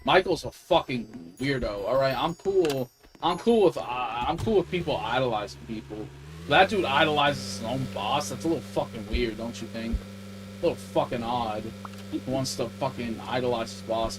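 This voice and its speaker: A man's voice: mid-range voice, lively intonation, moderate pace, rough recording. A man livestreaming gameplay who rants in a casual, profane, heavily swearing way. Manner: profane, ranting, heavy swearing. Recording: game stream with music playing behind. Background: clear background music.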